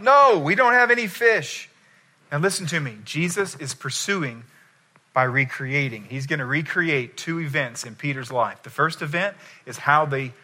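A man preaching a sermon, telling the story in an animated way and acting out the voices of the people in it. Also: a little high. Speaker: pastor.

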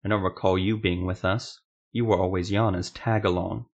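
A man's voice: low-pitched, steady tone, normal speed, dull audio. An actor voicing a furious, hard-bitten male witcher who snarls his short, curt lines. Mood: cold.

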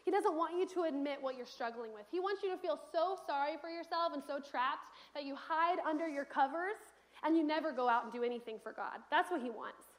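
A young woman gives a sermon in a church sanctuary, her high voice moving a little fast. She tells stories in an earnest, conversational way, with casual fillers along the way.

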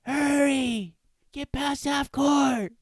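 A man putting on the voices of loud middle-aged women yelling at a basketball game. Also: steady tone, very slow, no echo, studio quality, exaggerated voice. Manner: shrill heckling at refs and players.

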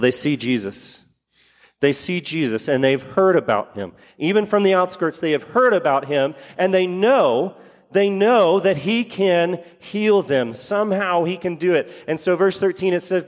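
A man's voice: a little high, long reverb tail. A man preaching a sermon, repeating key phrases for emphasis and putting questions to his congregation. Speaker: pastor.

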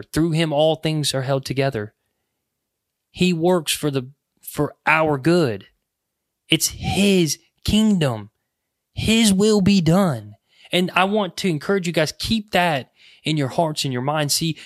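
A man preaching a podcast sermon, earnest and pleading, rising loud on key phrases. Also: fairly high pitch, dry recording, studio quality.

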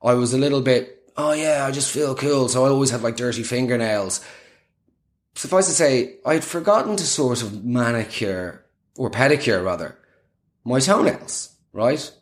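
A man's voice: mid-range voice, expressive, normal speed. A young man telling a rambling, self-deprecating comic story in casual chat, full of fillers.

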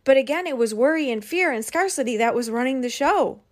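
A young woman hosting her podcast, telling a personal story in a candid, animated way and often swearing. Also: high voice, brisk. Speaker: podcast host and business coach. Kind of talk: casual personal monologue.

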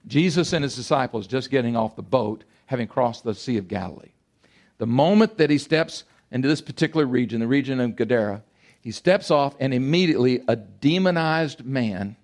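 An older male pastor in his sixties preaching with big swings in pitch, rising to loud emphatic bursts. His voice carries a gravelly fry, and he drops into quiet asides between points. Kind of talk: sermon.

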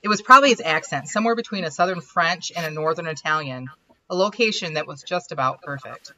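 Bright, animated woman host. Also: low voice, fast. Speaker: podcast host and writer. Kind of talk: reading her own fiction aloud and casual chat. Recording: dull, lo-fi sound.

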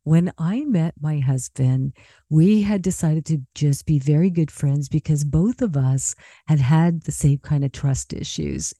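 A woman with a very dark, mellow voice, casually telling a personal story as a psychic medium. She talks in a chatty, animated way, acts out the back-and-forth of conversations and drops in plenty of "like" fillers. The recording is close and dry, with no room sound. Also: deep voice, no room sound. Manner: chatty, animated retelling that acts out quoted dialogue; frequent "like" fillers and small laughs.

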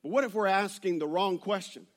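A male pastor, preaching a sermon to his church and telling stories in an animated way, with many restarts. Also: high-pitched, a little fast. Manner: animated storytelling with laughs and restarts.

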